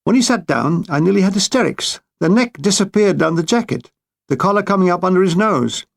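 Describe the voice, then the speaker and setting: Gravelly, deadpan male memoir narrator. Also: high-pitched, a little fast. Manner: dry, deadpan comic delivery. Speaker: author reading his own memoir.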